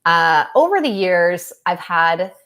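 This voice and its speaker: A woman's voice: fairly low pitch, very animated, slow pace, fairly bright tone. Bubbly Canadian woman, chatty guest. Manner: bubbly, laughs often, chatty. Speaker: business coach and author, podcast guest. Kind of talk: casual interview chat.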